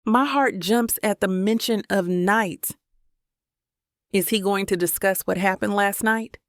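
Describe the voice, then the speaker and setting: Brief: female audiobook reader, intimate first-person narration with a gravelly texture. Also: mid-range voice, measured pace, no echo, clean studio sound. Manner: intimate, steady reading.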